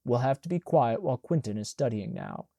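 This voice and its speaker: A man voicing a weary, gentle middle-aged father who speaks quietly and soothingly. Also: mid-range voice, very animated, a little fast, gravelly, no room sound, clean studio sound.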